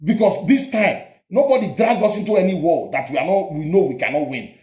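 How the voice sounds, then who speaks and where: A Nigerian man with a high-pitched voice argues politics hotly, repeating himself and cutting in over his guest. His voice rings in a roomy, echoing space. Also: animated, fairly quick. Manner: forceful, interrupting, repetitive. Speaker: show host. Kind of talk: heated political debate. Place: abroad, home.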